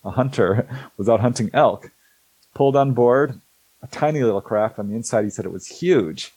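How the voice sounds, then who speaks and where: A middle-aged man telling stories in a casual, animated way, acting out the people he quotes and laughing often. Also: medium pitch, moderate pace, breathy edge, no echo, poor audio. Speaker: host, author on alien abduction cases. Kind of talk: casual storytelling talk.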